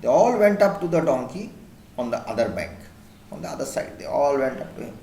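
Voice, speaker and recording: A male teacher telling an animal fable to his class, lively and expressive, in an echoey room. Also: medium pitch, a little fast, gravelly. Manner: animated, voice rises and drops for characters. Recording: echoey room, faint hiss.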